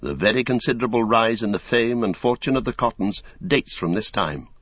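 A man narrating an audiobook in a steady, measured reading. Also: on the low side, dry recording. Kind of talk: scripted narration. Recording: dull, dry recording.

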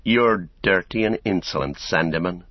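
A man's voice: deep voice, normal speed, dry recording. A man reading a forthright young hobbit. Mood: scornful. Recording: dull, dry recording.

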